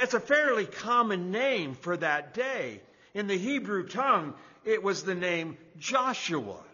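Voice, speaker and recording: A man preaching a sermon as pastor, repeating key phrases for emphasis and building from quiet reflection to emphatic preaching. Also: sits high, husky, in a large hall, lo-fi sound.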